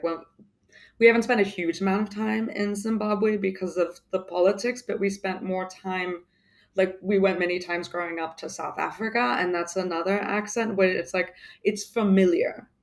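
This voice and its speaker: A woman with a mixed English accent talks loosely as an interview guest, circling her points with plenty of fillers and restarts. Her pitch sits in an ordinary middle range, and the delivery stays casual and unscripted. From United Kingdom. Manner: rambling, many fillers and restarts. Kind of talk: casual conversation.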